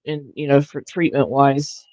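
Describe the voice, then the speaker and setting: A woman hosting a livestream, chatting casually in a halting way with frequent restarts and fillers. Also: extremely low pitch, fairly even intonation, darkish tone, no echo, highs cut off. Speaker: livestream host. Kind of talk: casual chat.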